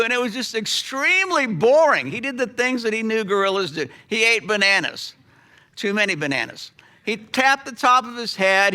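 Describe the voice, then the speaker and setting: Middle-aged man, pastor, storytelling sermon, high voice, bright tone, animated with sudden hushes. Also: smooth.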